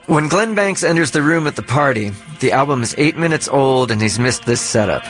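Male narrator, scripted, measured, faint music bed. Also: medium pitch. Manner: measured, even delivery. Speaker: narrator of a documentary.

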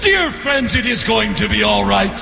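A man's voice: sits high, lively intonation, moderate pace, vocal fry, long reverb tail, exaggerated voice. A man playing a frenzied male revival preacher with a bellowing sermon cadence on a comedy record. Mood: fervent. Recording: music and cheering crowd behind. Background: organ music, congregation crowd.

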